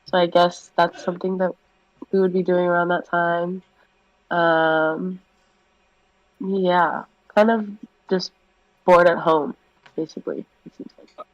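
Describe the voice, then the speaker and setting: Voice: mid-range voice, level tone, takes it slowly, long pauses, no room sound, lo-fi sound. A player in a tabletop game, speaking hesitantly with many "um"s and "I guess". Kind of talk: casual tabletop play.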